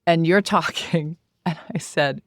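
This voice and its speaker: A woman hosting a podcast interview, reacting with quick enthusiasm. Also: low voice, no room sound, clean studio sound. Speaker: podcast host. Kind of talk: casual interview chat.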